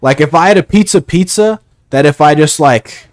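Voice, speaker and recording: A man's voice: on the high side, normal speed. A man streaming a shooter game live, chatting casually in a rambling, playful way and reading viewer messages aloud. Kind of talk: casual live gameplay chat.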